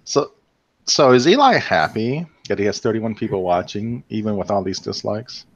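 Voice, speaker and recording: A man's voice: on the low side, animated, normal speed, no echo, highs cut off. A man co-hosting a casual livestream, chatty and laughing often as he rambles through stories. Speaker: livestream co-host.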